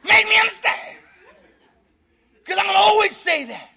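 A man's voice: very high voice, very animated, moderate pace, bright, forceful tone. A middle-aged man giving a fiery preaching-style talk at a recovery meeting, exhorting the room and breaking into laughter.

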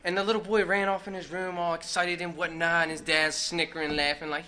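A man's voice: a little high, flat delivery, fairly quick, pushed and bright, smooth. A man giving a casual, personal share at a recovery meeting, swearing now and then and padding his talk with "like" and "you know.". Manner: casual, profane, full of fillers. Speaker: speaker sharing at a recovery meeting.

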